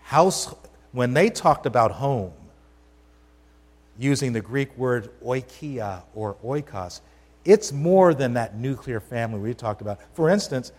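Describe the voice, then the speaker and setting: A man's voice: medium pitch, a little mellow. Emphatic preacher man in a reverberant hall. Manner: conversational, emphatic, asks the congregation questions. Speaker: pastor. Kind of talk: sermon. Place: church sanctuary.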